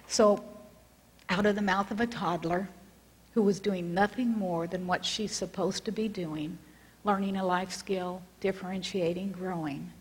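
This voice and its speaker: A woman giving a sermon, telling a story reflectively and dropping her voice to a hush at times. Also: on the low side, fairly even intonation, a little slow, husky. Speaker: speaker addressing a congregation. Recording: long reverb of a large hall.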